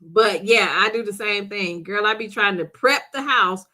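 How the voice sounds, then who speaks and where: Reading out viewer comments on her live stream, a middle-aged woman keeps up a chatty, casual conversation full of laughter. She speaks at a moderate pace in a mid-range voice with a sharp edge, calling her audience "girl" and "sis."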